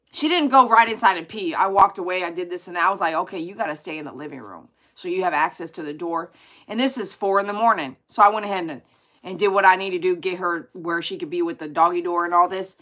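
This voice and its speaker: A woman chatting casually with viewers on her livestream, animated and exclaiming as she reads comments aloud. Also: lowish voice, a little fast. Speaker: dog groomer hosting a livestream.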